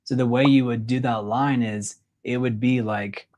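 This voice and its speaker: A man's voice: medium pitch, fairly even intonation, normal speed, darkish tone. A man coaching a young actor, explaining with lots of "like" and acting out line readings himself.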